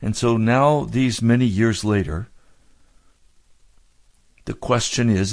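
A man's voice: on the low side, slow, vocal fry, pauses often, no room sound. A man, a pastor preaching an earnest radio sermon that builds in fervor.

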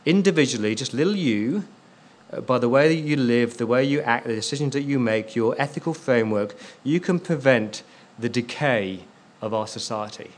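A man's voice: medium pitch, moderate pace. A man preaching a sermon as a pastor, stressing key words and repeating them for emphasis.

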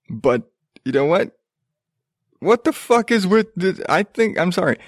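A man's voice: medium pitch, no room sound, studio quality. A man hosting a podcast, ranting in a profane, exasperated and sarcastic way. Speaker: podcast host. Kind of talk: ranting casual commentary.

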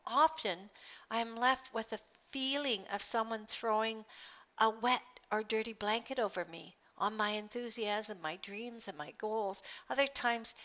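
Middle-aged woman, earnest and rambling, bright tone, dull lo-fi sound; casual personal monologue. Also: a little high. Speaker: speaker sharing personal reflections. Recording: dull lo-fi recording.

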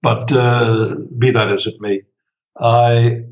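A man answering interview questions at length, pausing often with fillers and restarts. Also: medium pitch, flat delivery, a little mellow, lo-fi sound. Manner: hesitant, many fillers and restarts. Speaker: interview guest, author.

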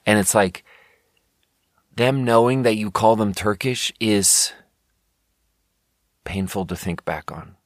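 A man's voice: lowish voice, takes it slowly, pauses often, no echo, studio quality. A man, hosting a podcast in a rambling, profane casual monologue. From Sweden. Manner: rambling, profane, self-correcting. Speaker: podcast host.

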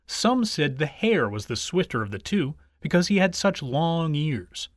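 A man narrating fables aloud in an expressive, animated storybook style. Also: a little high, unhurried, no echo, studio quality. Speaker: reader.

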